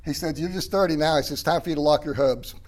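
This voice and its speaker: A man preaching a sermon, explaining a passage in a relaxed, conversational way and often clearing his throat. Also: fairly high pitch, fast talker. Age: 30s or older. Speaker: pastor. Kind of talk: sermon teaching.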